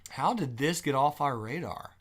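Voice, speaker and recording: A man's voice: medium pitch, animated, moderate pace. A man hosting a live stock trading show, giving casual market commentary with joking asides and thinking aloud.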